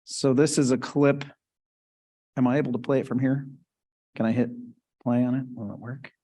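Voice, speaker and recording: A man's voice: medium pitch, steady tone, normal speed, warm tone. A man giving a conversational lecture in a webinar, casually explaining and often checking in with "right?" and questions to the audience. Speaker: webinar presenter.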